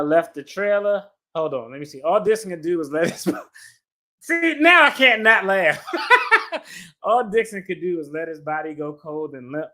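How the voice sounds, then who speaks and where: A man's voice: a little high, fairly bright tone. A man giving casual reaction commentary as he reads a legal complaint aloud, blunt and profane, with slangy asides. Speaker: attorney reacting to a lawsuit.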